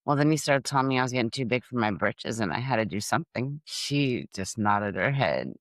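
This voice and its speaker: A middle-aged woman hosting a podcast, telling humorous family stories in an animated way and laughing at her own jokes. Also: very deep voice, brisk, no echo, clean studio sound. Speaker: podcast host.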